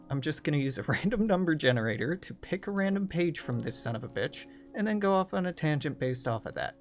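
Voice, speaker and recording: A man's voice: on the high side, fairly bright tone. A young man hosting a gaming video, chatting casually in a sardonic, profane, rambling way over background music. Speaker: gaming channel host.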